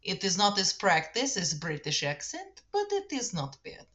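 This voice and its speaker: A woman's voice: mid-range voice, huge pitch swings, normal speed, sharp tone. A woman doing a self-conscious put-on Russian accent in casual chat. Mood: playful.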